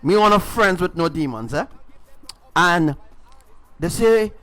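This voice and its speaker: A man with a high, expressive, slightly slow voice and a fairly bright tone delivers a spiritual testimony over a livestream mic. Calling himself a spiritual preacher, he tells his story emphatically and repetitively, often tacking on "right?"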